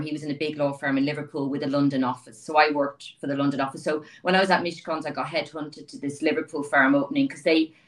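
A low-pitched Irish woman from Dublin, in her fifties, talks easily as an interview guest, circling back and restarting her sentences. She sits a little away from the mic, so her voice sounds slightly distant. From Ireland (Dublin). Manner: chatty storyteller, frequent restarts and you-knows. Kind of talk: conversational interview.

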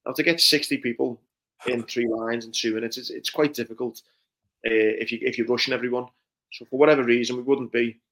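His mid-range voice stays fairly even, brisk and fairly bright as this former Royal Marine shares stories of his training with an interviewer. He comes across as earnest and reflective, dropping frequent fillers like "you know."

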